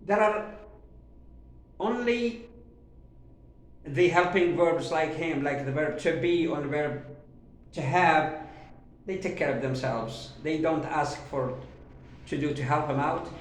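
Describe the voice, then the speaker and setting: A man teaching a grammar lesson who talks haltingly with many fillers and repeats himself, drawing out his example sentences slowly. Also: on the high side. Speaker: English teacher. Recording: very echoey room.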